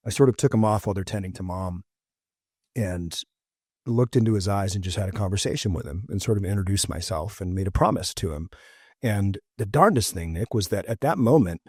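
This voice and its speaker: A man's voice: low-pitched, a little mellow, husky, no echo, clean studio sound. A man hosting a podcast interview, talking in a reflective, personal way. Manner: reflective, personal, pauses to think. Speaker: podcast host. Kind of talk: casual interview chat.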